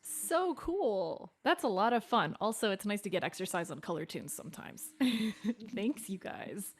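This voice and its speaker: A woman's voice: mid-range voice, lively intonation, unhurried. Upbeat woman hosting a kids' music show. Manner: upbeat, explains patiently, sings note sounds. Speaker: host and cellist. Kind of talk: children's music stream, explaining.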